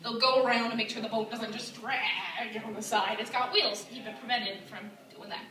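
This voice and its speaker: A young woman performing a stand-up comedy set, telling a deadpan story and acting out the people in it with a raised voice. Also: on the high side, normal speed. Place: comedy club stage. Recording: roomy, distant mic with crowd laughter. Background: audience laughing.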